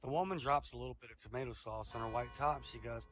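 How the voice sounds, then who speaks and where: A middle-aged man doing stand-up one-liners in an online voice room, his tone bright and forward. He talks at an easy, laid-back pace, leans on "you know" and "um", and chuckles at his own punchlines. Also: medium pitch, expressive, fast talker, hardly any pauses, slight background noise. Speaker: stand-up comedian.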